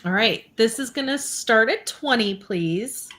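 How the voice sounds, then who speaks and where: A woman's voice: on the high side, lively intonation, a little slow, fairly bright tone. A woman guest seller presenting a vintage item on a live sale, talking in an easygoing, rambling way. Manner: easygoing, rambling product talk.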